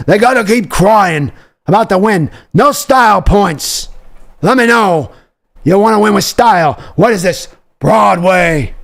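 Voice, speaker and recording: A man doing an impression of a famous actor, playing a gravel-voiced older tough guy who barks short, punchy statements. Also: high voice, expressive, unhurried, a bit bright, voice pushed up, heavily acted. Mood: scornful. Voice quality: gravelly, punchy clipped phrases. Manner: barking short fired-up statements.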